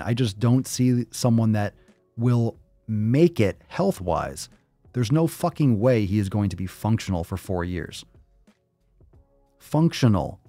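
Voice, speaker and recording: Male host, casual profane commentary, emphatic repeats; dark warm tone, dry close recording. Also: mid-range voice, dry recording. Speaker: podcast host.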